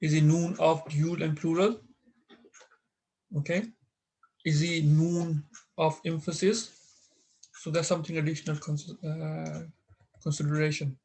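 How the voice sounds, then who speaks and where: A man's voice: a little high, little pitch movement, unhurried, pauses often, mellow. Man teaching Arabic grammar online. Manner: explains patiently with many fillers and restarts. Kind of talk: online interactive class.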